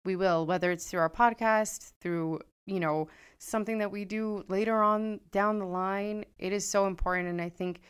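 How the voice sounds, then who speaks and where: Smooth-voiced supportive podcast woman. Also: mid-range voice, steady tone, moderate pace, few pauses. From Connecticut, United States. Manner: supportive, emphatic, says "literally" often. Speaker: podcast co-host. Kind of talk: casual podcast chat.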